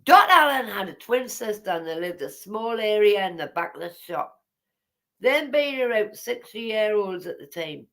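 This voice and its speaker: A woman's voice: mid-range voice, animated, normal speed, fairly bright tone. Chatty woman reading aloud. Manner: chatty, digressive, teasing asides. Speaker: vlogger reading her memoir aloud.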